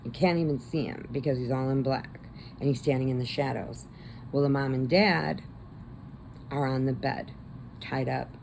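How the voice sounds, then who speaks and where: A woman's voice: extremely low pitch, steady tone, normal speed, vocal fry, darkish tone, slight background noise, rough recording. A woman crochet vlogger chatting casually and rambling as she retells a movie plot. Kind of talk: casual chat.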